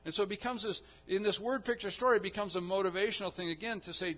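A man preaching a sermon on a Bible passage, moving between quiet explanation and loud, emphatic peaks. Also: high voice, steady tone, fast. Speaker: pastor. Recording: dull lo-fi sound.

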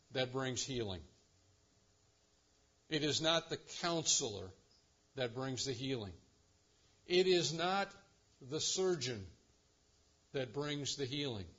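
A man's voice: medium pitch, pushed and bright, lo-fi sound. A man preaching a sermon as pastor, building to impassioned, rising delivery.

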